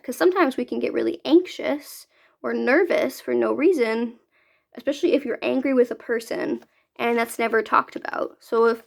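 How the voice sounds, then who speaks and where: A woman's voice: fairly high pitch, creaky. A young woman from Canada, a youth mentor, talking casually to kids about feelings and often asking "right?". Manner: chatty, keeps asking "right?". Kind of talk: casual talk to children.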